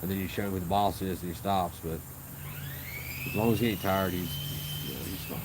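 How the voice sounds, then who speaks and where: A man's voice: low voice, steady tone, fairly quick, background noise. A man chatting casually on a livestream at home, rambling and joking crudely about his dogs. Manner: rambling, crude and joking, baby talk to the dog. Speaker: livestream host.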